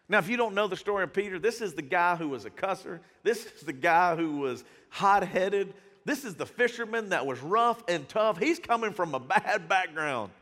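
A man's voice: high voice, lively intonation, moderate pace, few pauses, a bit bright. A man preaching a sermon as pastor in a casual, slangy style, speaking in a church. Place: church sanctuary. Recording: reverberant church hall.

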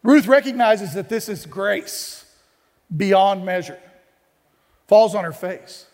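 A male pastor preaches in a conversational, playful storytelling style with asides. His voice sits fairly high. A long reverb from the church sanctuary hangs after his words. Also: animated, takes it slowly, darkish tone. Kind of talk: sermon.

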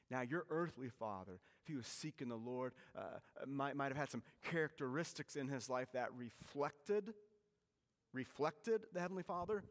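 Animated preacher in a reverberant hall. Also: male voice, medium pitch, moderate pace. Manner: animated storytelling preacher, swings from loud to hushed. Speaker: pastor. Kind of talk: sermon.

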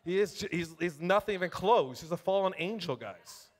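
A male preacher with a high voice who preaches in a loose, chatty way, calling out to the congregation. He breaks off to read scripture aloud, building up emphasis as he reads. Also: moderate pace. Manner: animated, conversational, addresses congregation directly. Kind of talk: sermon.

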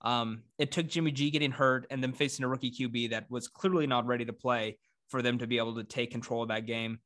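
A man hosting a casual sports chat, talking through his picks with friends, easily excited and quick to laugh. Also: mid-range voice. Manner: excitable, laughs, mock British accent briefly. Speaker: podcast host.

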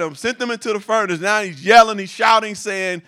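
A male preacher with a bright, ringing voice pitched a little above most men. He delivers a sermon, moving from scripture readings into lively asides where he repeats words for emphasis. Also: fairly quick.

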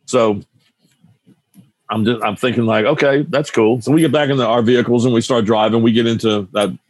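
A man's voice: medium pitch, steady tone, brisk, no echo. A man in his seventies from New Jersey, a musician telling a loose, rambling story in a casual interview, full of restarts and asides. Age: 70s. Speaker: musician guest.

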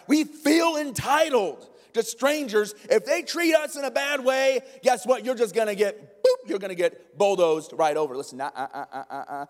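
Pastor, male, emphatic sermon delivery, high voice, echoing hall. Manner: emphatic, plays out little scenes.

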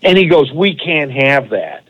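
Animated high-voiced man telling stories. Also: measured pace, slightly rough, lo-fi sound. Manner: animated, profane anecdote teller. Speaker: podcast co-host. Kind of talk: casual storytelling.

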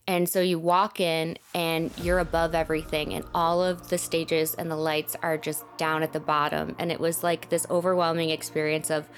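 A young woman with a slightly low voice recounts a personal story in relaxed podcast chat. She leans on fillers like "like" and lets her voice sink softer when she turns reflective. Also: moderate pace, hardly any pauses, faint music behind. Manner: chatty, many fillers like "like", dips to soft reflective tones. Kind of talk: personal storytelling in casual conversation.

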